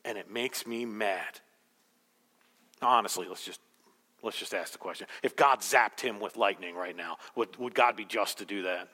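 A man preaching a sermon, emphatic and rhetorical, telling the story with animated asides. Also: on the low side, normal speed, in a large hall. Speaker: pastor.

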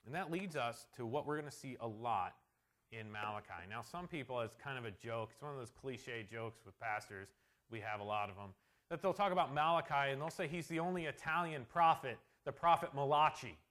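A man preaching an expository sermon as a pastor, earnest, slowing down to stress quoted verses and swinging between quiet asides and loud emphasis. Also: mid-range voice.

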